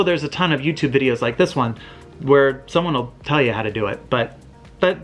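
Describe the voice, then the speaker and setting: A man hosting his own channel, casually walking viewers through a hands-on guitar tutorial in his home workshop, explaining step by step. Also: medium pitch. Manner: relaxed, explains step by step, some restarts. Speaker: guitar builder and channel host.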